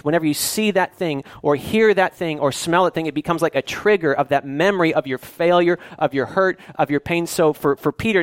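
A man's voice: on the high side, no room sound. A man preaching a sermon as pastor, earnest and often repeating and restarting his words.

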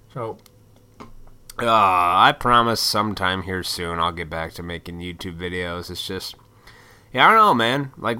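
Rambling, profane man with a bright voice. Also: deep voice. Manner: rambling and profane, with many fillers. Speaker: YouTuber and toy collector. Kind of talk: casual solo chat. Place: small hot home room full of electronics. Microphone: desk mic.

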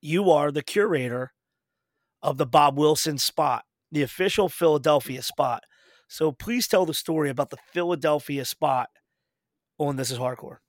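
A man hosting a casual podcast chat, swearing freely and telling animated stories. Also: fairly high pitch, moderate pace, no room sound, studio quality. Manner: profane, animated storyteller. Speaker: host.

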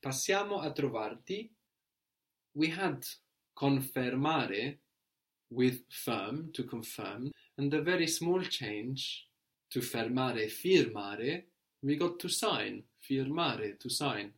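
A man teaching a guided language lesson, asking prompting questions and slowing down to model phrases. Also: medium pitch, expressive.

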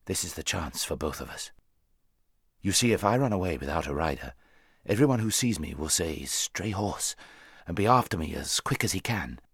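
A proud talking war horse snaps out orders in a low, voice, as a man reads him. He is brisk and scornful, with a lively lilt. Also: slightly rough, no room sound, studio quality, heavily acted. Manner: brisk, commanding, contemptuous.

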